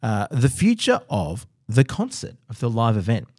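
A man's voice: medium pitch, huge pitch swings, normal speed, a little mellow, dry recording. A man co-hosting a podcast, chatting casually and teasing his co-host with dry jokes. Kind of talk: casual chat.

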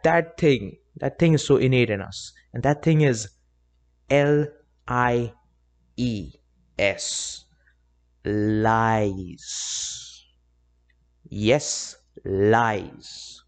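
A man's voice: mid-range voice, darkish tone. A young man hosting his own solo podcast, talking in a rambling, chatty way with self-joking asides. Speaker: podcast host. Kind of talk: casual solo podcast monologue.

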